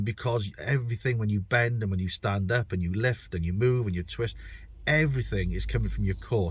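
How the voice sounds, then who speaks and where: Here a husky, fairly low-pitched man speaks in British English: a middle-aged bricklayer hosting his own podcast. The monologue is casual, chatty and rambling, full of self-deprecation and words repeated while he thinks.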